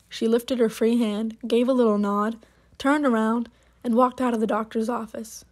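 Woman reading a story, slightly high voice. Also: level tone, normal speed, darkish tone. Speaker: narrator. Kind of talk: reading a short story aloud.

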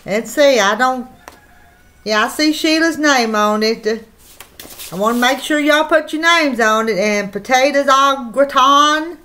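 A woman's voice: sits high, measured pace, sharp tone. A woman with a Southern country accent, chatting folksily to her viewers while opening mail on her vlog. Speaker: channel host.

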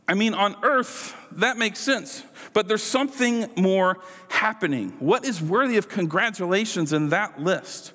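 A man's voice: high voice, a bit bright. A man preaching a sermon in a casual, conversational way, with playful asides to the congregation. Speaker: pastor. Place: church sanctuary. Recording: church hall reverb.

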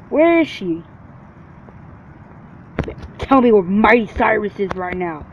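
A gamer with an ordinary male pitch narrates his gameplay brashly, trash-talking and cursing at everyone on screen. He speaks at a moderate pace with frequent pauses, and the dull, lo-fi recording carries a faint hiss.

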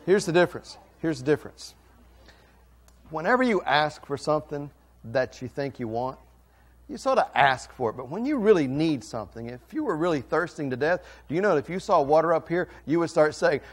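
A man's voice: on the high side, expressive, brisk. A middle-aged man, a pastor, giving a playful children's sermon and questioning the kids.

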